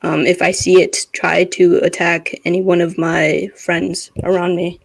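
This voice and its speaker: Tabletop player, slow pace, fillers, plain voice. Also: mid-range voice, little pitch movement, gravelly, poor audio. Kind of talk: tabletop game play.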